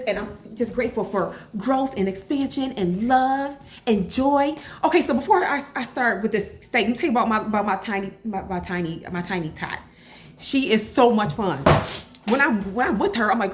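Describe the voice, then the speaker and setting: A woman's voice: fairly high pitch, normal speed. Chatty woman in an echoey kitchen. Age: 40s. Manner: chatty, rambling, animated asides. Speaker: cooking vlogger. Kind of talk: casual cooking vlog chat. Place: home kitchen. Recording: echoey kitchen, faint room noise.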